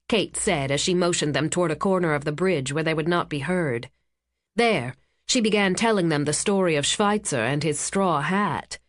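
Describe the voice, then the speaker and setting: A woman reading a thriller audiobook in a calm, steady narration. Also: low voice, moderate pace, no echo, clean studio sound. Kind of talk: scripted narration.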